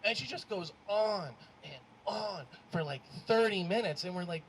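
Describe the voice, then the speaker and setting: A man doing a stand-up comedy set on a club stage, rambling and animated with lots of fillers. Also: high voice, unhurried. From Arab American. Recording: live club mic with faint crowd noise.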